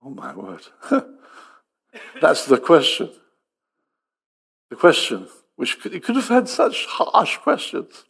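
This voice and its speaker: A man delivers a sermon, switching between animated, acted-out dialogue and hushed, gentle passages. His voice is gravelly and somewhat husky, pitched a little high for a man. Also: slow pace, long pauses. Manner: animated storytelling, acting out dialogue, dropping to soft tones. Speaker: preacher.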